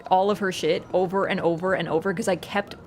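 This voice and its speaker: A young woman streamer giving chatty, excitable gameplay commentary, swearing and laughing often. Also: lowish voice, brisk, slight background noise.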